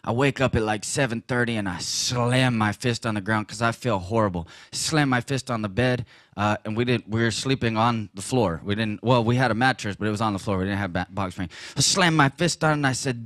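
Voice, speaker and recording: Animated man telling a church testimony. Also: fairly low pitch, fairly quick, few pauses, dry recording, studio quality. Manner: animated storytelling, laughing, bursts of loud exclamation. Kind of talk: personal testimony in a sermon. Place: church gathering.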